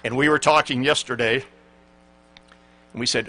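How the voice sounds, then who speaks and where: Man in his sixties, pastor, emphatic sermon, bright forceful tone, middle pitch. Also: steady tone, slow pace, long pauses, a little hiss or hum. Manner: earnest, emphatic preaching with quoted scripture.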